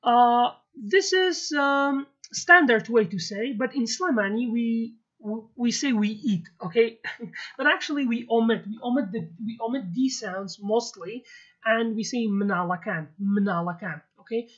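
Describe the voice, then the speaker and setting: A woman's voice: on the high side, measured pace. A woman with a Kurdish accent, a native Kurdish speaker, teaching words one by one in a casual video lesson, repeating each term and checking in with "okay". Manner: explains word by word, repeats terms, many fillers and okays. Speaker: language teacher. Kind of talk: explaining vocabulary in a video lesson. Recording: dull lo-fi audio.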